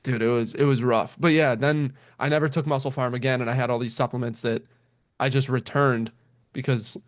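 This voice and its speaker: A young man with a medium-pitched voice talks briskly while telling a story in casual conversation. He's animated, swearing and laughing often as he acts out what people said.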